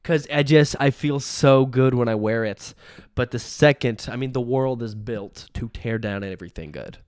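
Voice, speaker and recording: Young man, comic monologue, rambling and self-pitying, smooth clear voice, dry close sound. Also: medium pitch, normal speed, no room sound. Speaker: comedian.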